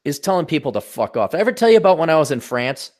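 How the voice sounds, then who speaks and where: A middle-aged man co-hosting a podcast, telling profane anecdotes in a blunt, animated way. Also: on the high side, rapid-fire. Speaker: podcast co-host. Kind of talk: casual chat, storytelling.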